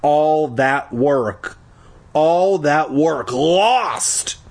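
A man's voice: sing-song, slow, gravelly, a bit bright, slightly rough, exaggerated voice. A man voicing a bossy schoolgirl who shrieks and scolds angrily. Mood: furious. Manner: shrill, scolding.

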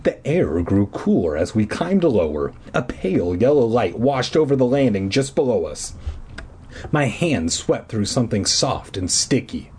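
Husky man reading a scary kids' book. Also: on the low side, unhurried. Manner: jokey crude asides, lively. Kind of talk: reading a children's book aloud.

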